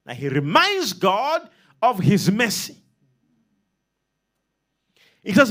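Preacher, male, high and lively voice, leads call-and-response, emphatic swings from loud to soft. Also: slow pace, long pauses.

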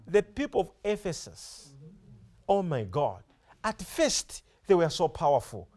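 A male preacher with a slightly high voice speaks at a measured pace. His emphatic sermon repeats words and phrases with an animated rise and fall. Now and then he stops to question his congregation.

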